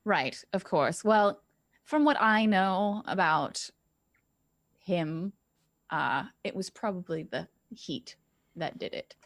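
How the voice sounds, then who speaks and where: A woman playing a tabletop game who speaks in a dry, deliberate, polite way. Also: lowish voice, expressive, dry recording. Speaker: player.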